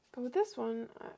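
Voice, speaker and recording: Young woman, mellow dark tone, fairly high voice, chatty, self-deprecating, slips into soft near-whispers. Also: creaky. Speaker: art livestreamer. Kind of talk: casual livestream chat while painting.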